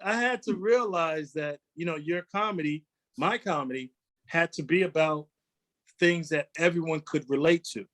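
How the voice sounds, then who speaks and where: A man in his forties, a comedian telling animated stories in a casual interview and slipping into quoted voices. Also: a little high, normal speed. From New York. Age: 40s. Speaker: guest comedian.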